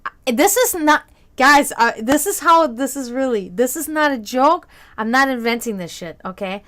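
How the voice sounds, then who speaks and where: A woman's voice: sits high, animated, normal speed, fairly bright tone. A woman telling casual stories on a stream in a loose, chatty way, swearing freely and laughing often. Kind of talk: casual storytelling chat.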